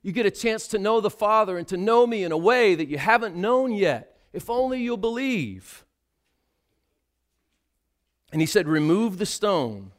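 A man preaching a sermon, dramatic, swinging between hushed quotes and loud calls. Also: high-pitched, lively intonation, moderate pace, long pauses.

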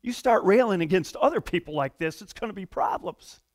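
A middle-aged man preaching a sermon in a conversational, animated way, going from hushed asides to loud outbursts. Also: sits high, brisk. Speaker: pastor.

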